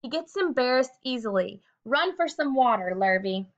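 Excitable hollering male farmer voiced by a woman, high-pitched, agitated, storybook, muffled lo-fi sound. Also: normal speed. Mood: flustered. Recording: dull lo-fi recording.

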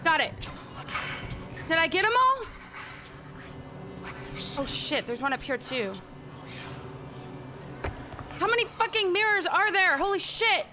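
A woman's voice: extremely high pitch, expressive, takes it slowly, pauses often, over music. A woman playing a horror game and commenting, frightened, repeating herself and swearing. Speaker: gamer. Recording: noisy with game sound behind.

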